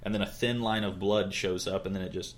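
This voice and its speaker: A young man with a fairly low voice hosts a casual podcast, retelling a plot in a loose, rambling way. He fills gaps with fillers and drops into short quoted voices as he goes. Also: steady tone, a little fast, a loud crowd. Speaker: podcast host.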